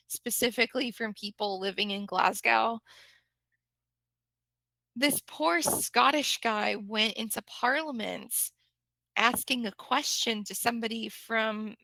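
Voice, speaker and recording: American lady teacher chatting away, bright gravelly voice, dry close sound. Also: a little high, dry recording, poor audio. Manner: animated, chatty, laughs often. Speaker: English teacher. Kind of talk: casual conversation.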